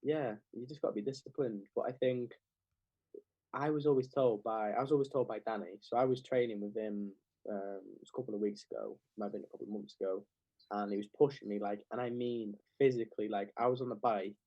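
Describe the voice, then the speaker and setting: A man's voice: fairly low pitch, steady tone, a little fast, mellow, no room sound, dull audio. A young man, chatting casually as a podcast guest and scattering "like" through his sentences. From England. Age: young adult. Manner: rambling, heavy with "like" fillers. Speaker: clothing brand founder, guest.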